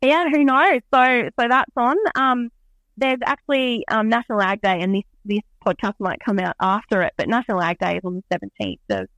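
A woman's voice: on the high side, lively intonation, fairly quick, fairly bright tone, no room sound, low-quality recording. A woman being interviewed as an event organiser, chatting in an upbeat, enthusiastic way with lots of "um"s. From Australia. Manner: bubbly, enthusiastic, many "um"s. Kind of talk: casual interview chat.

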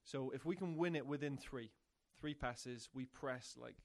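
A man's voice: medium pitch, measured pace. Male soccer coach explaining his methods. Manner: explanatory, repeats words when thinking. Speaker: soccer coach and technical director, guest. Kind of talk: casual interview chat.

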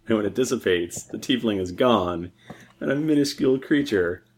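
Low-voiced man running a tabletop game. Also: slightly rough. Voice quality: relaxed, halting with fillers. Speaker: game master.

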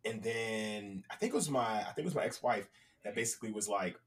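A man telling a casual story on a podcast, profane and animated, acting out both sides of conversations. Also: on the low side, fairly quick, recorded from a distance.

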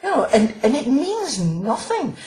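A woman's voice: high voice, big pitch swings, measured pace, darkish tone, poor audio. A woman, a crime author and former police officer, chatting in an interview, often restarting sentences and laughing as she tells stories. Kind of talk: casual interview chat.

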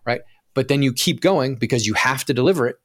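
Man, podcast guest, animated explainer, acts out inner voices, frequent restarts, mid-pitched, dry close sound. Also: fast, no echo. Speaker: podcast guest, profit coach. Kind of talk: podcast interview conversation.

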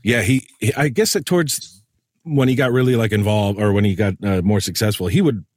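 A man's voice: fairly low pitch, fairly quick, darkish tone, no echo, clean studio sound. A man hosting a podcast in casual chat, a trained voice-over reader who talks loosely and laughs often. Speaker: podcast host and audiobook narrator.

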